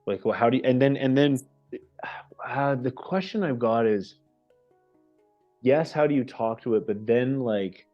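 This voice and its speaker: A man hosting a casual group call, energetic and animated, often checking in with "right?", heard over muffled lo-fi call audio. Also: mid-range voice, measured pace, long pauses, soft background music. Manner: energetic and animated, with many restarts and "right?" tags. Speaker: host of the goal call.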